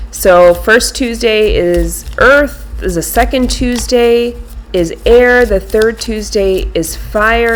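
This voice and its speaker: A woman giving a casual monthly tarot reading, chatting and murmuring softly as she shuffles cards. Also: mid-range voice, slight background noise. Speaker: tarot reader. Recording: music in background. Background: clear background music, shuffling cards.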